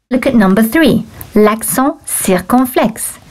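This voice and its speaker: A woman teaching French to children, explaining slowly and clearly with cheerful enthusiasm. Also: mid-range voice, animated, a little mellow. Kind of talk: children's language lesson.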